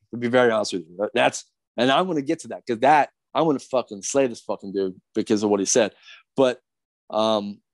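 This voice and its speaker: A man's voice: mid-range voice, no echo. A middle-aged man from Philadelphia, a podcast guest ranting in a profane, agitated, rambling way with many restarts. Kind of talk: heated podcast rant.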